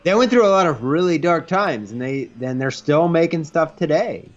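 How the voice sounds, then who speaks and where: A man's voice: a little high, expressive, normal speed, lo-fi sound. A man co-hosting a retro game show, bantering casually and wryly with jokes while his partner plays. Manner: wry, joking interjections.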